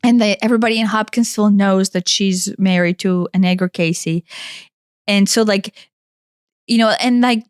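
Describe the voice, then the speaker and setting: A woman's voice: mid-range voice, normal speed, clear, resonant tone, no echo, studio quality. Chatty woman telling a story. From Kentucky, USA. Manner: animated, rambling, with frequent restarts and "like". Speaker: podcast co-host. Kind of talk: casual storytelling chat.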